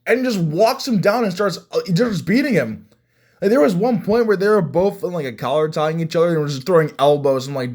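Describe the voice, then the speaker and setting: A young man giving casual fight reaction commentary, excitable and rambling, with many restarts. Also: high-pitched, fairly quick. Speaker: MMA fan reviewing fights.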